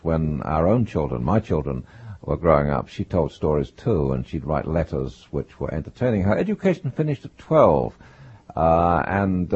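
An older man with a husky, low voice recalls his past in an interview. His accent mixes British and North American sounds. He talks haltingly, full of fillers, and the recording is dull and lo-fi. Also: darkish tone. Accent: mixed British and North American. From England. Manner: hesitant, many fillers. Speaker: guest, writer.

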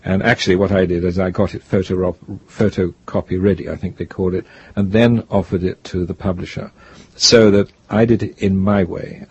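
An older man, a guest author, telling stories in an interview in a rambling, reflective way with a gravelly, husky voice. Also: deep voice, a little mellow, muffled recording. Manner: rambling, reflective, restarts often. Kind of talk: interview, storytelling.

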